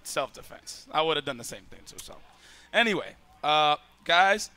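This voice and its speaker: A man hosting a stream, chatting casually and reacting with excitement and laughter. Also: a little high, moderate pace, clean tone. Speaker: stream host. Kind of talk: casual chat.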